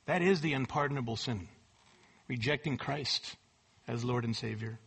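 A man preaching a sermon, quoting scripture with emphatic rising force and dropping low at the ends of thoughts. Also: moderate pace, gravelly, a bit bright, husky.

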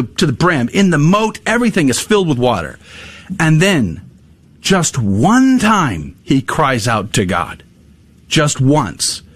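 Animated, husky-voiced man telling a story. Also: dry recording. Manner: animated storyteller, acts out quotes with big pitch jumps. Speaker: Catholic radio host. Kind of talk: lively faith talk.

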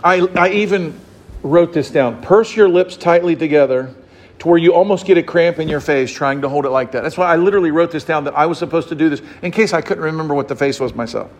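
A man preaching a sermon to his congregation, acting out little scenes and voices as he explains a psalm. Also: quick pace. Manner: animated, acts out scenes and voices with big pitch swings. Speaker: pastor.

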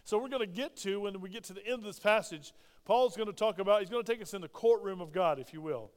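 A man's voice: sits high, quick pace, long reverb tail. A man with a Southern American accent preaching a sermon in a church, emphatic and drawing call-and-response from the congregation. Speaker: pastor. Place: church sanctuary.

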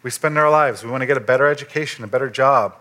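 A man, a pastor, preaching a sermon in a conversational way and rising in pitch when he stresses a point. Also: fast talker. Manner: conversational preaching, animated rises for emphasis.

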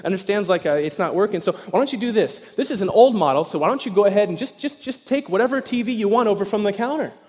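High-voiced guy pastor telling a story, gets loud and animated, big echoey church hall. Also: fast, few pauses. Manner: animated, acts out voices, shouts with excitement. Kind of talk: evening sermon with storytelling. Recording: long reverb in a large hall.

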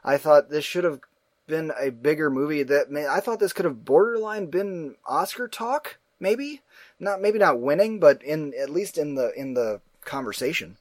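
Animated rambling man reviewing a movie. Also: a little high, normal speed, dry recording, clean studio sound. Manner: animated, rambling, mimics confused reactions. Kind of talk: casual movie review chat.

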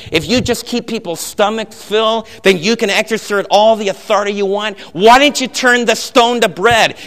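A man's voice: a little high, natural voice. A man preaching, voicing an old domineering male cardinal who fires accusing questions at a prisoner. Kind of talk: sermon with acted story. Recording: long hall reverb.

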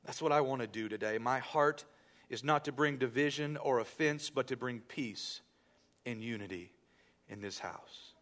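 A man preaching a sermon in church, leading a hushed prayer and telling a family story with lively quoted voices. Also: medium pitch, normal speed. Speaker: pastor.

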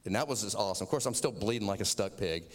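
A man's voice: fairly low pitch, rapid-fire, long reverb tail. A man from Florida with a Southern accent, giving a sermon as a chatty, self-mocking personal story.

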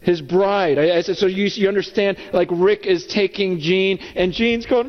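Animated high-voiced pastor preaching. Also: male voice, normal speed, hardly any pauses. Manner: animated storytelling, acting out voices. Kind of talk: sermon. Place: church sanctuary. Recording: dull reverberant church hall.

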